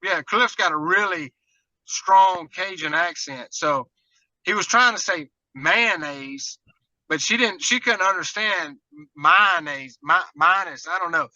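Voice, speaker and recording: A man's voice: high-pitched, lively intonation, unhurried, bright, forceful tone, dry recording, dull audio. A man, a guest angler, telling a story in a laid-back way, chuckling as he goes.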